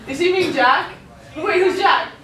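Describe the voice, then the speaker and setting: A woman's voice: extremely high pitch, unhurried, far from the mic. A woman in a playful, giggly chat with friends. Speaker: friend in vlog. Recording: echoey room, off-mic, loud noise.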